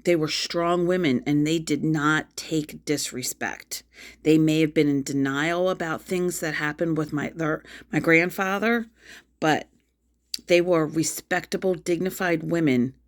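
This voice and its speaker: Upset middle-aged woman ranting into her phone, low voice, slow and heavy. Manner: upset, angry, repetitive outbursts. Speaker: mother venting on a livestream. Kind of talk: emotional venting vlog.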